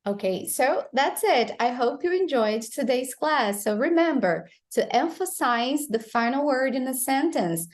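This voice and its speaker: A woman English teacher explaining pronunciation, repeating model phrases slowly and clearly. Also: high voice, lively intonation. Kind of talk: pronunciation lesson.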